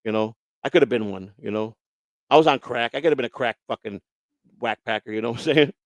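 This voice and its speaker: A man's voice: medium pitch, fast, no echo. A man hosting a casual chat, rambling and swearing, with lots of restarts. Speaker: show host.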